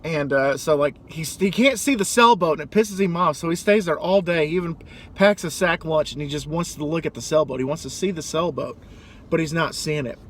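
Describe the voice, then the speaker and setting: Rambling young man, faint traffic behind. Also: brisk. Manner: rambling, animated, breaks into loud high-pitched impressions. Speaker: vlogger. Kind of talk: casual monologue.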